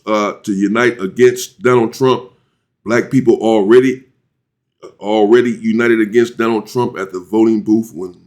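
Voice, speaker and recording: A man hosting his own commentary channel, ranting indignantly and jumping to high exclamations.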